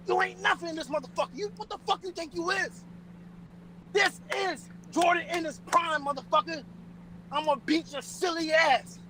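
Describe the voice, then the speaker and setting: Man doing a shrill, bright, cocky wrestler heel who swears nonstop in trash-talk promos. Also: a little hiss or hum, poor audio. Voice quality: shrill put-on silly voice. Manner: profane trash talk, refers to himself by name. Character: brash foul-mouthed male wrestler, boastful and hostile.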